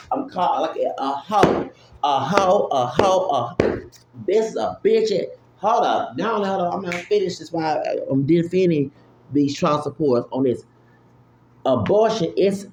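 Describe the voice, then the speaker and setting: A man with a gravelly, fry-laden voice rants with no filter, cursing freely and hammering the same words over and over. He sounds like he is recording on a phone in an echoey room, with a faint hum underneath. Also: high voice, a little mellow. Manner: profane, repetitive, exclamatory. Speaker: vlogger. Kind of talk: unfiltered rant. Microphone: phone app recording. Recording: roomy echo with faint hum.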